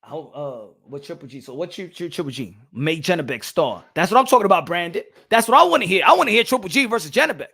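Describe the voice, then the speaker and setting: A young adult man hosting a casual boxing live stream, slangy and animated, switching between English and Spanish. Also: gravelly, slightly rough. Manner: animated, with quick jumps to high excited bursts. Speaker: boxing channel host.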